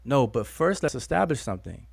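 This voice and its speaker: Gravelly American man, insistent debater. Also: mid-range voice, sing-song, fairly quick, no room sound. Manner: insistent, interrupts with repeated "wait". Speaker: host. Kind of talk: heated live debate.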